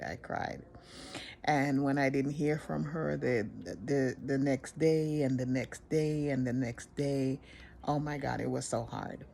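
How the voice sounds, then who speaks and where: An older woman telling a personal story in an earnest, halting way, often restarting her sentences. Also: deep voice, creaky, a little mellow, a little hiss or hum.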